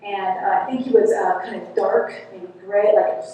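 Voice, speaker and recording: A woman's voice: mid-range voice, fairly even intonation, normal speed, warm tone, muffled recording. A woman who is a hypnotherapist, telling the story of a session on stage in a casual, chatty way, full of asides to a live audience. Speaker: hypnotherapist presenter. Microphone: recorded for the room, far from the recorder. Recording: distant, echoey hall recording with faint ambience.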